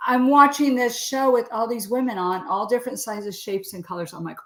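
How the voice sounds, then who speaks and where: A woman's voice: mid-range voice, a little fast, hardly any pauses, a bit bright, reverberant. A sixty-year-old woman from California, a podcast guest telling stories in casual, chatty talk and laughing often. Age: 60s. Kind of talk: casual interview chat.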